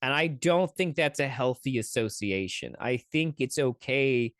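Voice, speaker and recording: A man's voice: medium pitch, lively intonation, a little slow, fairly bright tone, no echo, clean studio sound. A man hosting a podcast, giving sarcastic, swear-filled commentary on clips he plays. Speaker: podcast host. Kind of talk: casual commentary reacting to clips.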